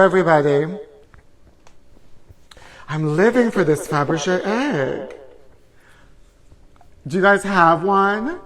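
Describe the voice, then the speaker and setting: A middle-aged man hosting a campy live talk show, sassy and theatrical, calling his viewers honey and darling and chanting catchphrases in a sing-song way. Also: on the high side. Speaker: host. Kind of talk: campy casual live-stream chat.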